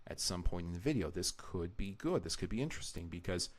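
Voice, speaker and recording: While editing a video on a live stream, a man with a very deep voice talks fast with lively intonation. He explains each choice at length, drifts into side thoughts, and restarts his sentences along the way.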